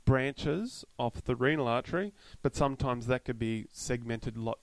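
A man, co-hosting an educational podcast, explaining in an earnest, halting way. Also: medium pitch, no room sound, poor audio. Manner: earnest, hesitant explaining with fillers. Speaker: podcast co-host. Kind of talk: casual educational chat.

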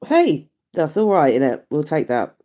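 Low, mellow woman caller. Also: sing-song, normal speed, muffled recording. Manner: chatty, sweary, cheerful. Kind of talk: recorded voice message.

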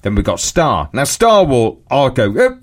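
A man co-hosting a podcast, telling a lively anecdote in casual chat and acting out what people said. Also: medium pitch, normal speed. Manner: animated anecdote teller, acts out quoted voices. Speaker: podcast co-host.

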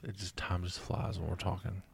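Deep gravelly man co-hosting. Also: little pitch movement, normal speed, no echo, whispered. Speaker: podcast co-host. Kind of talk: casual chat.

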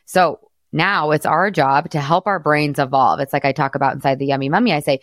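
A woman's voice: low-pitched, steady tone, fairly quick, no echo, studio quality. A woman in her thirties, a podcast host coaching a client, upbeat and patient, laughing often as she explains. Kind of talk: coaching conversation.

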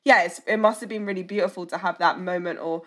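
A woman's voice: on the low side, steady tone, fast talker. A young woman in her twenties hosts an interview in a casual, chatty way. She keeps restarting her sentences and fills them with "like.". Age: 20s. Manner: chatty, lots of likes and restarts. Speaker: host.

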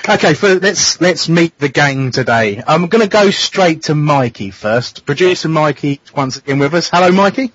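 A man's voice: fairly high pitch, expressive, moderate pace, few pauses, a bit bright, breathy edge. A man hosting a casual radio show, teasing his co-hosts. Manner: teasing, jokey. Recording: dull dry lo-fi radio studio sound.

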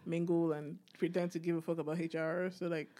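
A woman's voice: fairly low pitch, level tone, fairly quick, mellow. A young woman co-hosting a casual podcast, reacting with teasing remarks and frequent laughter. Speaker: podcast co-host. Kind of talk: casual chat.

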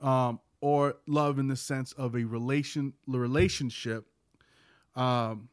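A man co-hosting a casual faith podcast, sniffly with a cold, explaining things haltingly with many restarts. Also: medium pitch, fairly even intonation, dry recording, studio quality. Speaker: podcast co-host.

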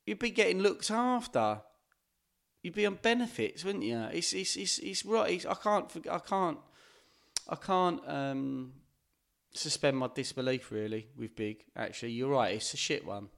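A man's voice: fairly high pitch, lively intonation, moderate pace, gravelly. A man, co-hosting a podcast, blunt and jokey as he argues about films, swearing freely. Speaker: podcast co-host. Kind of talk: casual banter about films.

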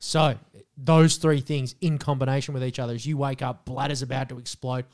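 A man's voice: medium pitch, a little fast. A man co-hosting a podcast, telling crude stories in casual chat and acting out scenes. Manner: animated storytelling, acts out scenes. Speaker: podcast co-host.

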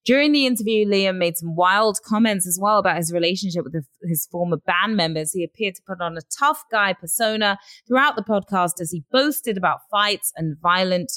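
A woman's voice: medium pitch, fairly quick, few pauses, a bit bright, no echo. English woman with a dry close sound. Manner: reads gossip items aloud, then gives blunt opinions. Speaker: host. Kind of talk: casual celebrity news chat.

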